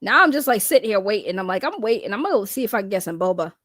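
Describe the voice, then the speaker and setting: A woman with a Boston accent hosting a casual livestream, loud and laughing, swearing as she talks to her chat. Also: mid-range voice, big pitch swings, racing, no room sound, studio quality. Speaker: livestream host.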